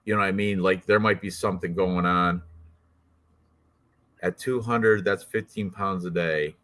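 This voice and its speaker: A man's voice: sits low, steady tone, moderate pace, a bit bright. A man co-hosting a fight picks stream, rambling in casual banter, swearing and laughing often. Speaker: co-host of a fight picks show.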